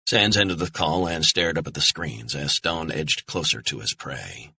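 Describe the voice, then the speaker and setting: A man narrating a thriller audiobook in a tense, measured way. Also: rumbling low, expressive, pushed and bright, slightly rough.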